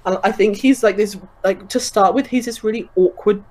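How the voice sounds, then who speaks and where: A woman's voice: medium pitch, moderate pace, darkish tone. A woman chatting casually on a podcast, enthusiastic and laughing often, with many fillers. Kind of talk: casual chat.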